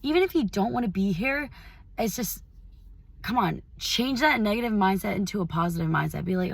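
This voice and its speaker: A young woman giving a casual motivational talk, chatty and full of fillers, swinging between loud hype and soft mutters. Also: mid-range voice, animated, fairly quick, gravelly, husky, no room sound. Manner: chatty, lots of "like" fillers and self-quoting. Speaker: motivational vlogger.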